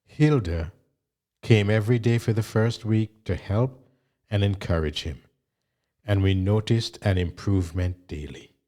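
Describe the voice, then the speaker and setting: A man reading a memoir aloud in a measured, even narration. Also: fairly low pitch. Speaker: audiobook reader.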